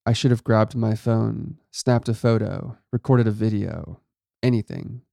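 A man narrating a first-person horror story in a steady, low-key way. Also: a little slow, gravelly, no room sound, studio quality.

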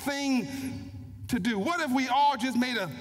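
Male keynote speaker, very high pitch, earnest storyteller, long hall reverb. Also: a little slow. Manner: earnest, repeats words as he builds a story. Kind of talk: motivational storytelling speech. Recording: long hall reverb, faint background noise.

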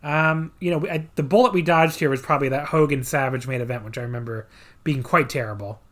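A man hosts a podcast in a loose, casual way. He walks through a match move by move with dry, sarcastic jabs and plenty of filler words, in a voice of middle pitch. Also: fast talker. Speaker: podcast host. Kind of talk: casual wrestling review chat.

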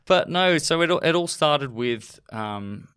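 A young man with an Australian accent, a guest telling his story in a casual interview, chatty and quick to laugh. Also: on the high side, expressive, a bit bright, smooth, dry recording, clean studio sound. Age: young adult. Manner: chatty, laughs often, many restarts.

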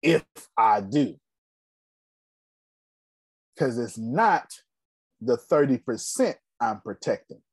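A man's voice: mid-range voice, expressive, slow, long pauses, husky, no echo. A man in his forties hosting a casual business talk, telling stories with emphatic repetition and frequent laughs. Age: 40s. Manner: storytelling, laughs often, emphatic. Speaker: host.

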